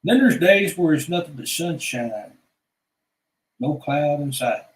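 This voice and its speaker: A man's voice: a little high, animated, unhurried, roomy sound, low-quality recording. A man vlogging in a casual, rambling monologue, crude and swearing often.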